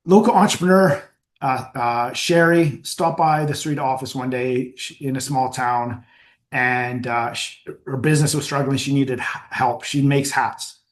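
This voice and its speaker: A man giving a lively, anecdotal talk as a forum founder, laughing at his own stories and clearing his throat often. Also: mid-range voice, unhurried. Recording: echoey room.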